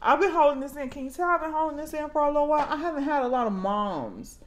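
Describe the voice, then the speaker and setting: A mom vlogger in her thirties rattles off stories about her kids at a quick pace. She's theatrical and animated, and her voice leaps into loud, high outbursts as she reenacts the scenes.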